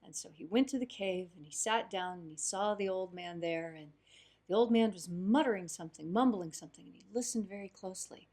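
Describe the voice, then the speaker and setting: A woman co-hosting a livestream, chatting and telling a parable in a lively way. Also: fairly low pitch, brisk. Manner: affirming, animated storyteller. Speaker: co-host. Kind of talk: conversational teaching and storytelling.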